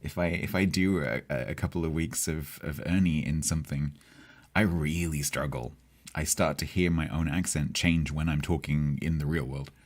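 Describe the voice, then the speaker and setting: Brief: game streamer, male, Southeast English accent, very low voice, chatty and rambling, reads chat aloud. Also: fairly even intonation, moderate pace. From Southeast England. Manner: rambling, chatty, with hesitations and laughs. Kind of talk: casual live-stream chat with viewers.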